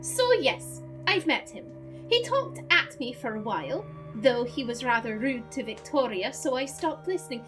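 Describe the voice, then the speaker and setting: A woman voicing a cheeky gentleman with a put-on Scottish accent, teasing and familiar. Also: sits high, sing-song, normal speed, faint music behind. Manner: teasing, familiar, calls others darling.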